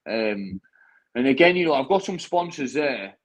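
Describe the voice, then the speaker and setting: On poor audio, a young British man who fights bare-knuckle talks after his bout in an expressive mid-range voice at a moderate pace. He's chatty, rambles with restarts, and says "mate" constantly.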